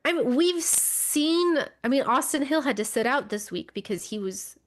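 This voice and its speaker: A woman's voice: high voice, lively intonation, normal speed. A woman co-hosting a podcast, talking conversationally with fillers and restarts. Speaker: podcast co-host. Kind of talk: casual chat.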